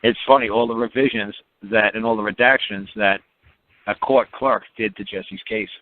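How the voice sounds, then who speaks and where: A man's voice: lowish voice, steady tone, normal speed, dry recording. A man rambling through a story on a phone call, repeating words and acting out quotes. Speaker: speaker on a call-in teaching line. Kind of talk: rambling casual phone talk. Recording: tinny phone line.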